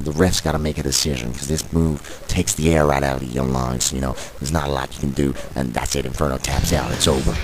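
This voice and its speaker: Male wrestling commentator, very low voice, opinionated, excitable, over background music. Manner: opinionated, excitable, biased toward one wrestler, mock-fearful outbursts. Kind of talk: play-by-play commentary of a video game wrestling show. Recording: music playing behind.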